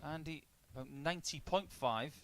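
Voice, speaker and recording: This darts commentator is a man whose voice sits a little high, and he speaks at an ordinary speed. He dissects averages, doubles and shot selection as the action happens, in a stat-heavy, analytical style, and the line is noisy with clicks.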